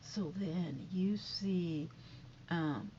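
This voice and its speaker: A woman's voice: lowish voice, extremely slow, dark tone, muffled recording, a little hiss or hum. A woman casually recapping a TV episode, rambling with lots of fillers and tangents.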